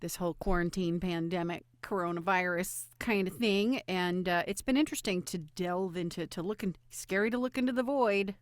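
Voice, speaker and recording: A woman's voice: on the low side, moderate pace, few pauses, no room sound. A woman co-hosting a podcast in casual chat, chatty and encouraging with a rambling flow. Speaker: podcast co-host.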